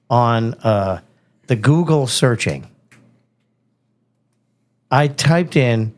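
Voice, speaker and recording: A man's voice: medium pitch, sing-song, extremely slow, pauses often. A man hosting a music podcast in casual chat, with playful, theatrical announcer bits. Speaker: podcast host.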